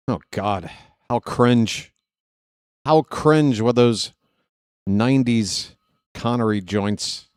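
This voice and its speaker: A man's voice: mid-range voice, very slow, pauses often, darkish tone, smooth, no room sound, studio quality. A man calling a live baseball game as a streaming host, in a rambling, jokey, self-deprecating way. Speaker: play-by-play streamer. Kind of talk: live play-by-play commentary.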